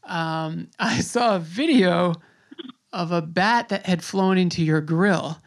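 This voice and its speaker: A man's voice: high voice, takes it slowly, gravelly. A man from New York City hosting a podcast, chatting in a rambling way and laughing easily. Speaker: podcast host. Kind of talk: casual interview chat.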